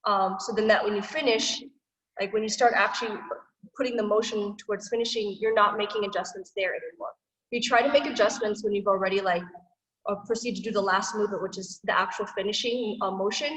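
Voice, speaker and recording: A woman teaches grappling technique over a video call, relaxed and chatty, with lots of filler words and little acted-out quotes. She sounds distant from the microphone, and the room gives her voice a long, echoey tail. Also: medium pitch. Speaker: martial arts instructor. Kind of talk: online class instruction. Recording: roomy, echoey, far from the mic.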